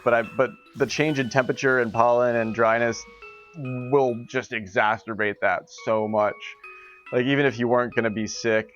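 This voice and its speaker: A man's voice: medium pitch, fairly bright tone, muffled recording. Giggly, rambling male game streamer. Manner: chatty, giggly, rambling asides to chat. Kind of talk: casual live-stream chat.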